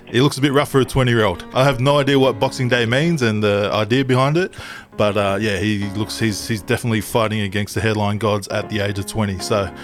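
A young man co-hosting a podcast, swearing, teasing his mates and calling them "mate". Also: mid-range voice. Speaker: podcast co-host. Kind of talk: casual banter.

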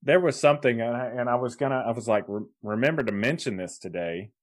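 A man's voice: mid-range voice, quick pace. A man co-hosting a podcast in casual chat, rambling with restarts and laughing mid-sentence. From Kansas. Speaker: podcast co-host.

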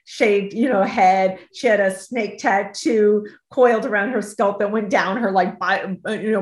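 A middle-aged woman speaks as an interview guest, a life coach sharing a personal story. She brings the dialogue to life, shifting into the voices of the people she describes. Her voice carries a noticeable room echo, at a mid-range pitch. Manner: acts out both sides of remembered dialogue, lively and expressive. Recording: roomy echo.

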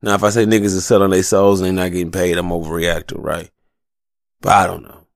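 A man's voice: deep voice, little pitch movement, fast talker, vocal fry, no echo. A man in a casual, heated solo rant on a studio mic, profane and rambling, fired up and agitated. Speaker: solo commentator. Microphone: studio mic with a pop filter.

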